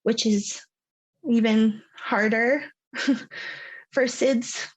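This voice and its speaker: A woman's voice: a little high, steady tone, drawn-out words, rough recording. A woman in her thirties from Cyprus, with a mixed Cypriot English and Canadian accent, chatting casually as a podcast guest, often saying um and like. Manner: chatty, laughs often, many fillers like um and like. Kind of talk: casual interview chat.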